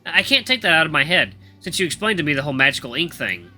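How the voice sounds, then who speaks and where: A man voicing an excitable young fox student who blurts things out loudly. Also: fairly high pitch, quick pace, soft background music, exaggerated voice. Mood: eager. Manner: eager, loud, blurting.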